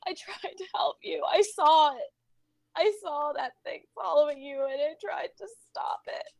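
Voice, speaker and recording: Woman doing a weeping drunk bearded man, breaking voice, pleading, high, slow, dry sound. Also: big pitch swings, vocal fry, a bit bright, no echo, heavily acted. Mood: sobbing.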